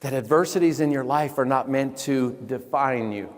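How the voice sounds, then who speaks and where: A man's voice: medium pitch, normal speed. Man preaching in an echoing hall. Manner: emphatic, questions the audience, drops to hushed tones. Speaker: motivational speaker. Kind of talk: live motivational sermon. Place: large event hall. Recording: long hall reverb.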